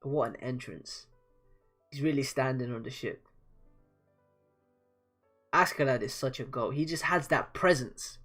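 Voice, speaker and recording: A young man casually reading a manga aloud and reacting with excited slang. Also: medium pitch, a little slow, pauses often, soft background music. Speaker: manga reader.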